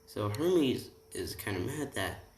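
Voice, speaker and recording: A man casually retelling a fan story in a rambling, halting way with many restarts. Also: on the low side, big pitch swings, a little mellow. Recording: roomy room, distant mic, faint hiss.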